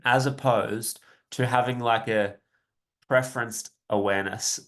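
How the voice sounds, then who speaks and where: A young man coaching viewers in a relaxed, rambling live talk, often tagging "right?" and laughing lightly now and then. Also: medium pitch, a little slow. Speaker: self-help coach. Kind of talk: casual live-stream talk.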